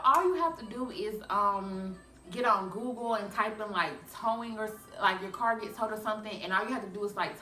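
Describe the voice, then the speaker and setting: A young woman vlogger telling a storytime to her viewers in a chatty, animated way, calling them y'all. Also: mid-range voice. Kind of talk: storytime vlog. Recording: echoey room, a bit far from mic.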